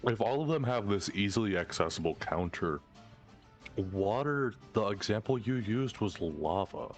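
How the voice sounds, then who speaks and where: Male player, low voice, easygoing and wisecracking. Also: expressive, normal speed, faint music behind. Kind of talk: casual tabletop play.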